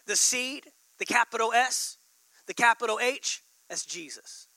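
A man's voice: very high voice, lively intonation, a little slow, bright, forceful tone, no echo, rough recording. A man preaching a sermon, building emphasis and repeating key lines. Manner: preaching with rising emphasis and repetition. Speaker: pastor.

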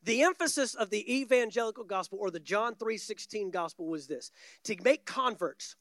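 A man's voice: high voice, expressive, normal speed, fairly bright tone, no room sound. A man preaching a sermon from a church stage, emphatic and repeating key words for stress. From United States.

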